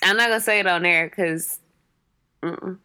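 Bright-voiced young woman, joking. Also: fairly low pitch, moderate pace, clean tone. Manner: joking, playful, casual slang. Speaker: podcast co-host. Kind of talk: casual chat.

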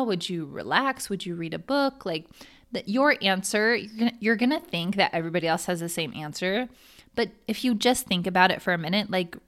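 A woman's voice: mid-range voice, fairly bright tone. A woman hosting a podcast, giving chatty, encouraging motivational coaching with lots of "like". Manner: upbeat, encouraging, chatty with frequent "like". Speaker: podcast host.

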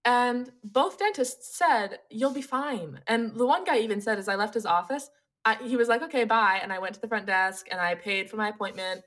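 A young woman in casual chat, telling a personal story with lots of laughter and animated asides. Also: on the high side, normal speed.

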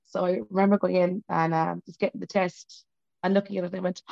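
A woman tells her personal story at a quick clip, her low voice catching into a gravelly fry as she loops back and restarts her sentences. It is a close, dry, slightly dull video call recording. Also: steady tone, a little mellow, no room sound. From Ireland. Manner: rambling, self-interrupting, tearful at moments. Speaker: interview guest.

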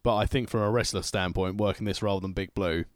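A man's voice: fairly low pitch, steady tone, fast, no echo. A man co-hosting a casual podcast, chatting about old wrestling with dry wisecracks. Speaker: podcast co-host.

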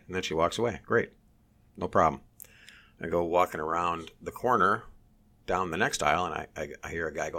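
A man telling a story in casual chat, animated and swearing, mimicking others in a high voice. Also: normal speed, long pauses.

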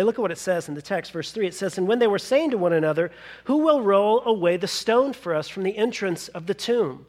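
High-voiced man preaching an animated sermon. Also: brisk. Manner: animated storytelling with acted-out asides. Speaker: pastor.

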